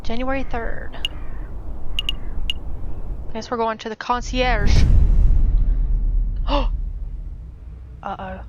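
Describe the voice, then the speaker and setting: A woman's voice: a little high, level tone, slow pace, pauses often, background noise. A woman playing and reading a game aloud on a live stream, reacting with gasps and jokes. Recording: dull stream audio under loud game music.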